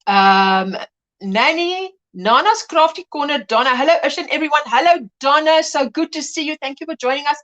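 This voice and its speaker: A middle-aged woman hosts a relaxed livestream, reading out viewer comments between stories. Her voice sits fairly high and swings widely in pitch as she acts out other people's voices. She laughs often and tells her anecdotes with animated energy. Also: normal speed, dull audio. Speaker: livestream host.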